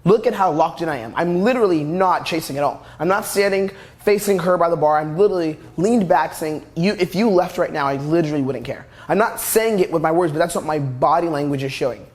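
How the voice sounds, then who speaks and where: A man's voice: on the high side, brisk. A young man coaching on dating, talking bluntly and crudely over video footage. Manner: blunt, crude, repeats "literally".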